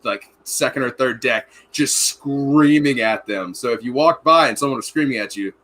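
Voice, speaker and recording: A man's voice: medium pitch, moderate pace, fairly bright tone. A man in casual podcast chat, rambling through rowdy military anecdotes with lots of swearing and acted-out quotes. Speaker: podcast host.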